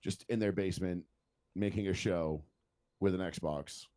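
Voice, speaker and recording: A man's voice: low voice, a little slow, mellow. A man co-hosting a podcast, chatting casually, swearing freely and laughing often as he rambles. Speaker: podcast co-host. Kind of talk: casual profane chat.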